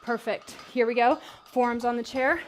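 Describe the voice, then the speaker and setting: A woman fitness instructor guiding a workout, counting reps and calling breath cues in a steady rhythm. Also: a little high, normal speed. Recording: music playing behind the voice. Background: workout music.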